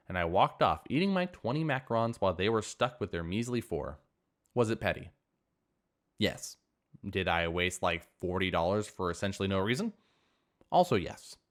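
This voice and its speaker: Man, story narrator, low-pitched, lively intonation, expressive reading. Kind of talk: reading online stories aloud.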